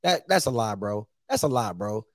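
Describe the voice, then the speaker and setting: A man's voice: lowish voice, lively intonation, moderate pace, no echo. A man hosting a call-in sports show, talking bluntly and repeating himself for emphasis. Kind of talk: argumentative sports call-in talk.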